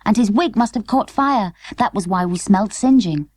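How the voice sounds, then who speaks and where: A woman's voice: mid-range voice, lively intonation, moderate pace, darkish tone, dry recording, close to an everyday voice. A woman voicing a bossy, self-assured older girl. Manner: bossy, a touch haughty. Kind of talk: audiobook character voice.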